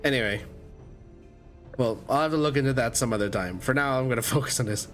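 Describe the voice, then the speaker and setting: A man's voice: medium pitch, fast. Brief: young male streamer, casual rambling chat, game music faint under him. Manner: rambling, self-correcting, chatty. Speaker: VTuber streamer.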